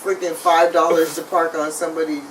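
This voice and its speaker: A woman guest on a comedy podcast, chiming in with quick, laughing interjections. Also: deep voice, level tone. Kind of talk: casual comedic chat. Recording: distant mic, faint noise.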